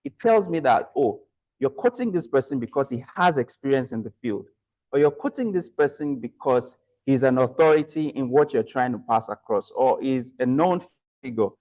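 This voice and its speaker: Guy at a lectern in a meeting room, schoolmasterly feedback, firm and corrective, mid pitch. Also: expressive, moderate pace, a little mellow. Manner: corrective, instructive, rhetorical questions. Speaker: meeting evaluator. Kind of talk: club meeting feedback speech.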